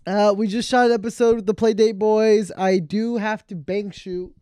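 A man hosting a casual podcast in a fairly high voice, rambling and self-deprecating with frequent laughs at himself. His voice sounds dry and close, with no room echo. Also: little pitch movement, normal speed, dark tone, clean tone. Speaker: podcast host. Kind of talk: casual chat.

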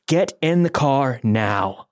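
A man's voice: medium pitch, lively intonation, unhurried, no echo, clean studio sound. A man voicing a creepy, grinning male stranger who pushes a lone walker to get into his car. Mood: menacing. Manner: insistent, turning menacing.

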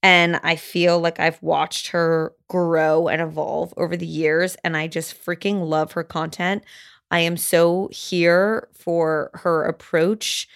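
Gushing American woman podcast host, slightly low voice, dry close sound. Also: clear, resonant tone, no room sound. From United States. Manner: gushing and excitable, quick asides. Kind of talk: casual podcast chat.

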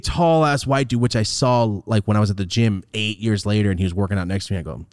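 Talking quickly with hardly any pauses, a young man spins a profane, animated story on his podcast, mimicking quoted speakers through big pitch swings. It's studio-quality audio without echo.

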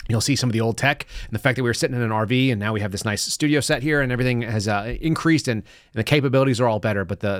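A man hosting his podcast, talking fast and casually and laughing now and then at his own stories. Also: medium pitch, dry recording, studio quality. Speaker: podcast host. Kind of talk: casual talk show monologue. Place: studio.

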